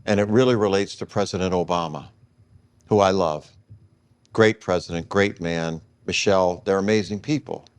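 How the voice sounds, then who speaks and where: A man in his sixties shares a personal story as an interview guest. His voice sits low, and he tells it at an easy pace. He acts out the lines he quotes from others. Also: moderate pace, smooth. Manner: relaxed anecdotal storytelling with quoted dialogue.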